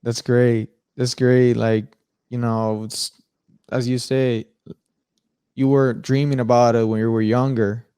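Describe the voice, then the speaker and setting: A man hosts a casual interview and asks questions in a halting way, with restarts. His voice is smooth and clear. It is recorded dry, with no room sound. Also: mid-range voice, little pitch movement, mellow, dry recording.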